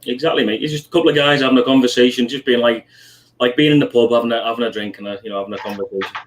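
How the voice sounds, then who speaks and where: A man's voice: medium pitch, very fast, a little hiss or hum, low-quality recording. A man from Liverpool with a Scouse accent, hosting a casual livestream chat in a friendly, chatty way. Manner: chatty, friendly, calls people mate. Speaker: channel host on livestream.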